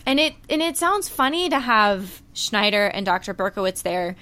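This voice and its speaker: A woman co-hosting a podcast, warmly retelling a TV scene in a casual, emotional way with many fillers. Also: medium pitch, moderate pace. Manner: emotional, animated storytelling with fillers. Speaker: podcast co-host. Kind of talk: casual chat reviewing a TV series.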